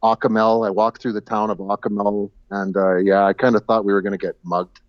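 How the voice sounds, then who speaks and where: A man calling into a talk show, chatting casually in a halting way, repeating words and chuckling at his own jokes. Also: lowish voice, flat delivery, dry recording, highs cut off. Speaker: guest caller. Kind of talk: casual chat. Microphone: video call.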